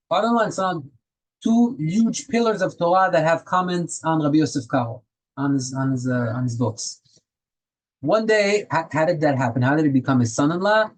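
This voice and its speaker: Husky man teaching a Torah class. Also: a little high, a little mellow, rough recording. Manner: storytelling with rhetorical questions, Hebrew terms mixed in.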